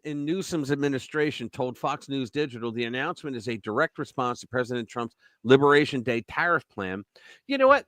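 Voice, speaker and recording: A man's voice: on the high side, a bit bright, no echo. An older man hosting a political live stream, blunt and profane, telling stories with lots of animation. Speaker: host.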